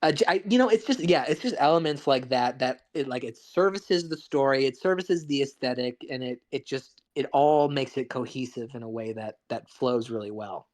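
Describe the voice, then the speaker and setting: A man's voice: medium pitch, normal speed, few pauses. Rambling man chatting about films. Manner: rambling, restarts often, laughs along. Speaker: podcast co-host. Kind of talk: casual film chat.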